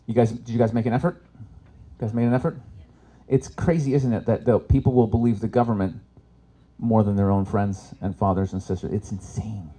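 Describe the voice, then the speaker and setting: A man performing live stand-up, telling stories with sudden loud shouted impressions. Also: fairly low pitch, steady tone, brisk. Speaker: stand-up comic. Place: expo stage before an audience.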